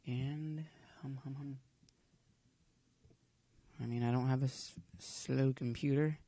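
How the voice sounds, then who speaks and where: A man's voice: medium pitch, fairly even intonation, slow pace, mellow. A man giving a casual coding tutorial at home, chatty and rambling, filling the waits with corny jokes. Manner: chatty, cracks corny jokes while waiting. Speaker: tutorial maker.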